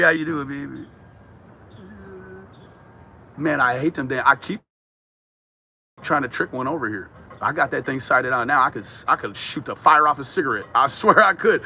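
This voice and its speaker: A man chatting casually with viewers on a livestream, animated and joking, swearing and laughing often. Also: fairly high pitch, normal speed, long pauses, a little hiss or hum. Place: outdoors in a backyard.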